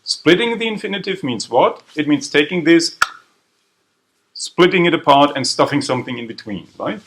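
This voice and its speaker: A man from southern Germany, lecturing a university seminar class in a lively way and quizzing students as he goes. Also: fairly high pitch, normal speed, slight background noise. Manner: lively, quizzes the class, tags 'right?' after points. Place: lecture room. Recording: echoey room, voice far from mic.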